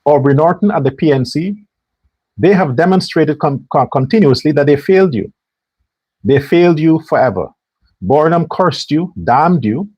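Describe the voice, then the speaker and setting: A man holds forth in a sarcastic, preachy political monologue. His husky voice is highly animated, rising and falling widely. The sound is close and dry. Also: moderate pace, no echo, dull audio. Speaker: host.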